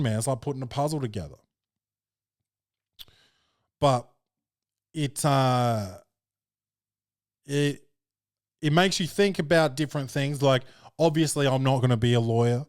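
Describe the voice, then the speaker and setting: A man's voice: mid-range voice, darkish tone, no room sound, clean studio sound. A young man, a podcast host and comedian, chatting casually in a loose, slangy, jokey way.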